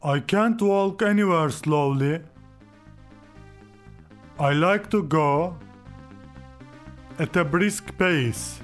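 A man's voice: a little high, drawn-out words, long pauses, faint music behind. A man whose first language is Turkish teaches English, repeating example sentences several times and then translating and explaining them.

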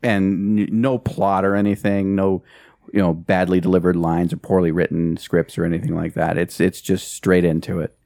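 A man's voice: low-pitched, level tone, normal speed, vocal fry, warm tone, dry recording. A man answering listener questions in an offhand, dry way during casual podcast chat.

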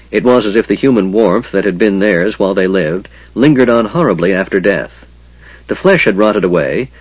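A man reading a fantasy novel aloud in a measured storytelling manner. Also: lowish voice, slightly rough, dry recording, dull audio. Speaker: audiobook narrator. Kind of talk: scripted fantasy narration.

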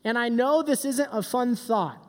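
A middle-aged man giving a joking, animated youth sermon as a pastor. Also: extremely high pitch, measured pace. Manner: joking, animated, does silly voices. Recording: long hall reverb.

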